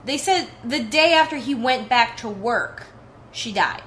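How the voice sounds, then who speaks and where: A higher-voiced woman co-hosts a casual podcast, giving her blunt take on a TV episode. Her pitch swings widely as she talks, and she swears freely. A faint hiss sits under the recording. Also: lively intonation, measured pace, fairly bright tone. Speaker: podcast co-host. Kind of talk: casual recap chat.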